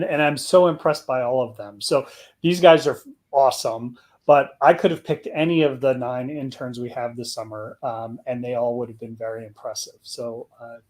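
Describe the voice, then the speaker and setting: A man's voice: mid-range voice, steady tone, normal speed, a little mellow. A man who oversees an intern program, speaking enthusiastically and praising the interns on a panel. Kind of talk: panel remarks.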